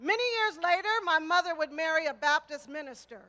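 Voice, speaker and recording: Rousing high-voiced woman at a rally. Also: a little fast, bright, forceful tone. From Texas, United States. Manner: rousing, rhythmic repetition with crowd chants. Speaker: rally speaker. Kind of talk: rally speech with call and response. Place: outdoor rally before a large crowd.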